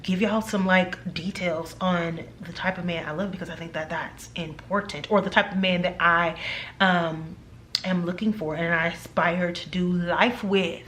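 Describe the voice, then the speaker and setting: A woman's voice: on the low side, fairly even intonation, moderate pace, fairly bright tone, slight background noise. A woman in her forties chatting casually to her viewers, playful and emphatic with teasing asides. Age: 40s. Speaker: vlogger. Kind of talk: casual chat to camera.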